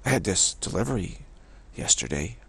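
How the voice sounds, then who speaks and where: A man's voice: fairly low pitch, sing-song, moderate pace, vocal fry, breathy edge. A man giving a casual religious monologue, rambling and often repeating words and restarting sentences. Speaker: religious commentator.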